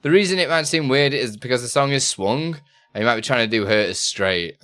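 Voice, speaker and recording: A man's voice: medium pitch, animated, a little fast, fairly bright tone. A man chatting casually on a live stream, reading out chat questions and laughing often.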